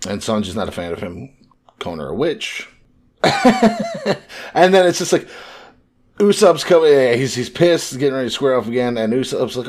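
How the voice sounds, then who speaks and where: A man co-hosting a casual podcast, retelling story scenes and quickly paraphrasing the characters' lines. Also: mid-range voice, very animated, darkish tone. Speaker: podcast co-host.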